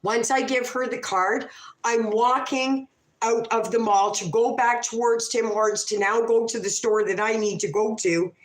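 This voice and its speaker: A woman's voice: fairly high pitch, steady tone, moderate pace. A woman telling a rambling, emotional story on a casual livestream, often cutting herself off, restarting and swearing freely. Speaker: livestream host. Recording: echoey room.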